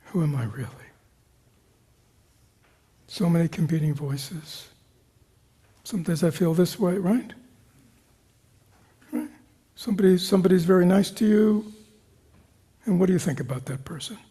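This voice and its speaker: With a high-pitched, gravelly, husky voice, a man gives a dharma talk to a retreat group live in a meditation hall, speaking a little slowly and pausing often. He teaches meditation by questioning his listeners, leaning on "right?" and "you know," and frequently sinks into soft whispers.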